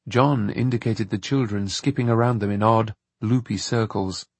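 A man narrating an audiobook with lively, expressive storytelling. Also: on the low side, normal speed, vocal fry, hardly any pauses, breathy edge, no room sound. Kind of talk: scripted narration.

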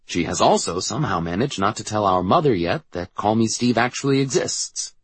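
A man narrating a first-person novel in a quiet, measured way. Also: lowish voice, expressive, breathy edge, no room sound. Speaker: audiobook narrator.

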